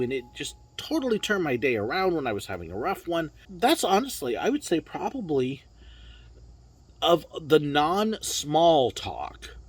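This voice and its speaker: Animated husky man telling park stories. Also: a little high, rough recording. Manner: animated, acts out quoted coworkers and guests. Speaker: former theme park worker sharing stories. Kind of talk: casual storytelling monologue.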